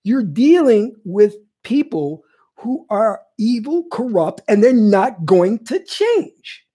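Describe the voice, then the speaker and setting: A woman's voice: fairly high pitch, sing-song, slow pace, dark tone, husky. A woman spiritual coach giving an impassioned monologue, emphatic and repetitive, pleading with her listeners.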